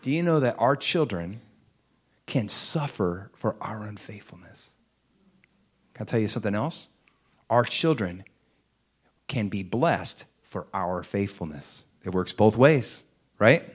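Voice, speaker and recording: A man preaching a sermon, reading scripture aloud and building to loud, emphatic lines. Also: fairly low pitch, animated, measured pace, long pauses, husky. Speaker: pastor.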